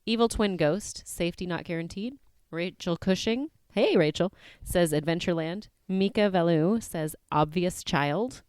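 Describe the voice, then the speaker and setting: Woman, podcast co-host, lowish voice, smooth, dry close mic, chatty, giggly. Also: normal speed, darkish tone, dry recording. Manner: chatty, giggly, reads out listener tweets. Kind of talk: casual podcast chat.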